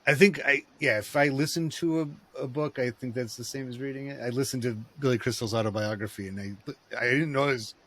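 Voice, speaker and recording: A man's voice: medium pitch, brisk, fairly bright tone. A man in casual podcast chat, telling rambling, digressive stories.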